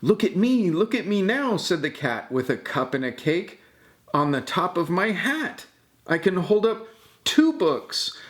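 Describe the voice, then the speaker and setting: An older man voicing a silly, showy, boastful cat in a storybook reading, delivering rhymes playfully with a lifted pitch. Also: fairly bright tone.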